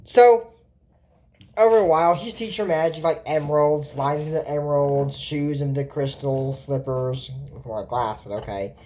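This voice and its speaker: A woman's voice: sits low, moderate pace, warm tone, slight background noise. A woman hosting a casual video at home, recapping a cartoon episode in a rambling way with many fillers and restarts.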